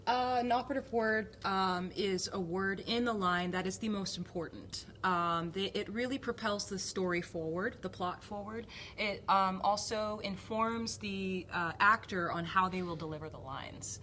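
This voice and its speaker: A woman's voice: medium pitch, normal speed, hardly any pauses, a bit bright, slight background noise. A woman acting coach patiently explaining a technique, with many ums as she talks. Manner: patient, filler-heavy explaining.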